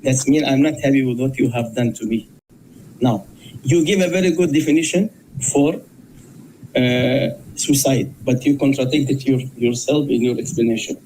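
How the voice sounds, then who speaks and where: A man argues his case in a live debate. His voice is mellow and low in brightness, and his delivery is deliberate. He presses his point with repeated rhetorical questions. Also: slight background noise, rough recording.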